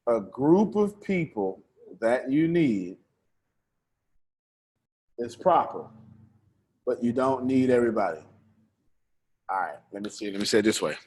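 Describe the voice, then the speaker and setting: A man's voice: mid-range voice, big pitch swings, measured pace, long pauses, a little mellow. A man leading a group study session, with a folksy, preacher-like cadence and repeated lines for emphasis. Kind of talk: lively teaching talk with a small group.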